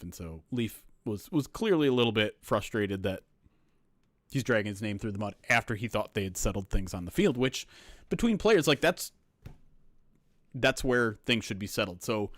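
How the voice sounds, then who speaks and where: A man's voice: on the low side, a bit bright, no echo, studio quality. A man hosting a livestream as a sports reporter, rambling casually with loose swearing.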